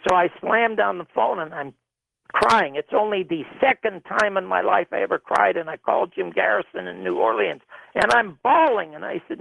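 A man recounting his time producing a television show, animated, and acting out the arguments he quotes. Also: fairly high pitch, moderate pace, gravelly, no room sound. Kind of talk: recounting a story in an interview. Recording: tinny phone-line radio sound.

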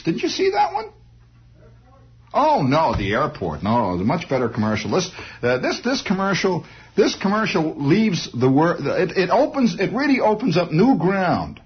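Husky rambling comic storyteller man. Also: mid-range voice. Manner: rambling, animated, with many restarts and sound effects. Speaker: comedian. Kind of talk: comic monologue. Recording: dull lo-fi old recording.

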